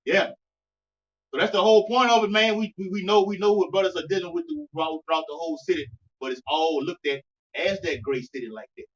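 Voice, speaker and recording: A man reading scripture verses aloud and backing up the preacher with quick agreement. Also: sits high, slight background noise. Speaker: scripture reader. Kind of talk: reading scripture in a street teaching. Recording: distant dull recording.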